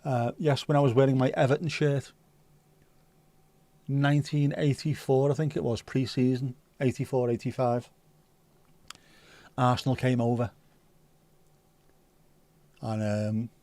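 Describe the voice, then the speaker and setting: A man in his fifties hosts a livestream, casually chatting with viewers, reading their comments, telling comic stories and swearing freely. His mid-range, mellow voice stays level, and he speaks unhurriedly with frequent pauses. The recording is dry.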